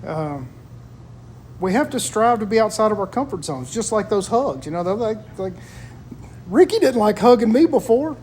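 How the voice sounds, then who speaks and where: A man's voice: high-pitched, sing-song, normal speed, a little mellow, slight background noise. A man talking in a casual chat, telling stories about his family in an earnest, reflective way.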